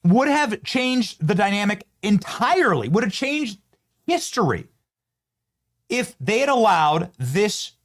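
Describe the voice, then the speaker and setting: A man's voice: sits high, sing-song, slow. A man hosting a political commentary show, talking emphatically with sarcastic rhetorical questions. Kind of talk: opinionated commentary.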